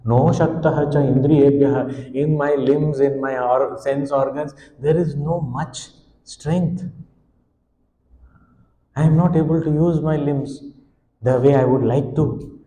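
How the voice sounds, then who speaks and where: Man giving an expressive devotional talk in an echoey hall. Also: medium pitch, unhurried, slight background noise. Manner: expressive storytelling, speaking as a helpless infant. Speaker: swami giving a spiritual discourse. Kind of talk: devotional discourse explaining a hymn.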